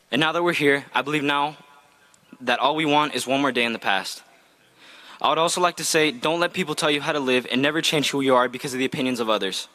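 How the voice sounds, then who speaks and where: A man's voice: mid-range voice, sharp tone. Earnest young man giving a graduation speech. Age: young adult. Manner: earnest, heartfelt, read from a script. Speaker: graduating student speaker. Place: outdoor graduation ceremony.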